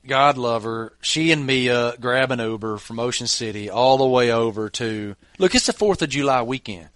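A man's voice: mid-range voice, bright, forceful tone, no room sound. Middle-aged male podcast host, easygoing storyteller, dry close-mic sound. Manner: laid-back, chuckling anecdotes. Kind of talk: casual storytelling chat.

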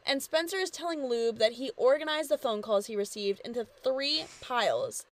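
A woman co-hosting a comedy podcast, recapping a TV episode in a crude, giggly way with quick impressions. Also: fairly high pitch, lively intonation.

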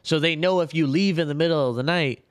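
A teenage young man, the hosts' son, telling a lively story in casual chat, laughing as he goes. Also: on the high side, quick pace. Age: teens.

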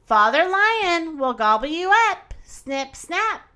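A woman's voice: very high voice, very animated, slow pace, voice pushed up, full character voice. Woman doing a growling mother crocodile. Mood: bargaining. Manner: growled, bright delivery.

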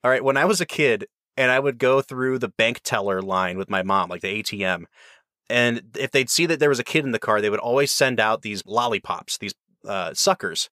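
A man's voice: mid-range voice, brisk, bright, forceful tone, dry recording, studio quality. A man hosting a whiskey review, explaining and chatting in an enthusiastic, rambling way. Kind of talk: casual review chat.

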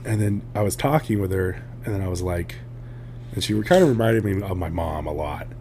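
A man's voice: low voice, brisk, a little hiss or hum. A young man co-hosting a podcast, telling stories casually, laughing often and acting out quotes, sounding tired. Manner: laughs often, animated storytelling with voiced quotes. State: tired, drowsy. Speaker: podcast co-host.

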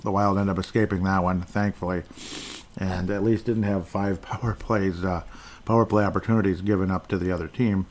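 Rambling man hosting a sports podcast. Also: on the low side. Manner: rambling, self-interrupting, chuckles often. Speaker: podcast host. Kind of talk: solo sports podcast commentary.

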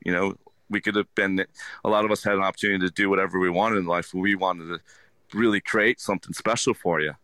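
A man, a restaurant owner, talking earnestly in an interview, halting with many restarts. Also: low-pitched, fairly even intonation, pushed and bright, no echo. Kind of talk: casual interview talk.

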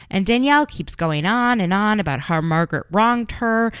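A woman with a somewhat low voice recaps reality television for her podcast listeners. She talks in an animated, gossipy way and slips into the quoted lines as she tells them. The recording is dry and close, with no room sound. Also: clean tone, no room sound. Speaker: podcast host.

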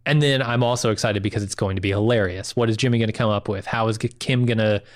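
Excitable male podcast co-host, dry sound. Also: lowish voice, fast talker, no echo. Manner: animated, excitable, swears casually. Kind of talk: casual chat.

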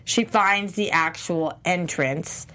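A woman's voice: fairly low pitch, slow, bright, forceful tone. A woman hosting a casual discussion podcast, leading the talk and asking her co-hosts questions. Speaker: podcast host.

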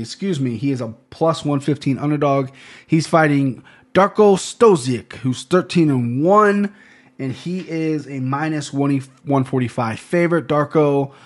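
A man hosting a podcast, chatting casually and rambling through fight picks, swearing now and then and joking at his own expense. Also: on the high side. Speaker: podcast host. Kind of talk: casual sports betting chat.

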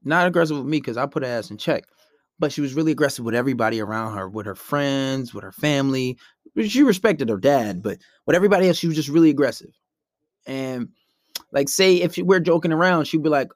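A man's voice: fairly high pitch, fairly quick, a little mellow, dry recording, studio quality. A man, giving blunt, profane dating advice in a casual monologue and acting out both sides of arguments.

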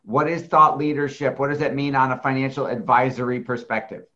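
Friendly male host asking questions, mid-pitched voice, dull lo-fi audio. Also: fairly even intonation, a little fast, pushed and bright. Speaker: interview host. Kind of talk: interview hosting. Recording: dull lo-fi sound.

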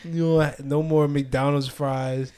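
A man's voice: medium pitch, level tone, unhurried, darkish tone, clean tone. A young man co-hosting a podcast, chatting casually with lots of slang and laughter. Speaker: podcast co-host.

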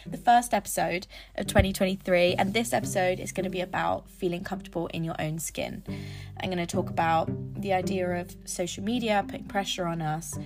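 Chatty young woman podcaster. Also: lowish voice. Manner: chatty, rambling, self-correcting. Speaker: podcast host. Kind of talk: casual podcast monologue.

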